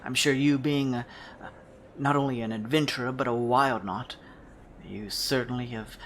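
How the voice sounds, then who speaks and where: A man voicing a sly male jeweler shopkeeper with a gem for an eye, speaking in a hushed, confiding way that often drops to a whisper. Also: medium pitch, fairly even intonation, normal speed, slight background noise, natural voice. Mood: scheming.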